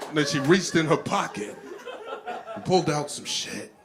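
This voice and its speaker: A male stand-up comic tells his stories loud and lively, his voice sitting a little high. A comedy-club audience laughs along all the way through, so the room sounds full and noisy. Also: moderate pace, a crowd in the background. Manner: animated, loud storytelling.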